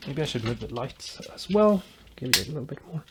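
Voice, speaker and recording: A man's voice: mid-range voice, very animated, a little fast, noisy background. A man vlogging as he builds a guitar, explaining while he works, rambling and making self-deprecating jokes. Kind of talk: casual workshop tutorial chat.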